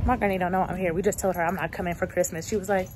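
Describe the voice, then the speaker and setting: A woman's voice: on the low side, fairly even intonation, very fast, background noise. A young woman, chatting playfully and laughing as she films a family vlog at home. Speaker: vlogger. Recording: family crowd chatting nearby.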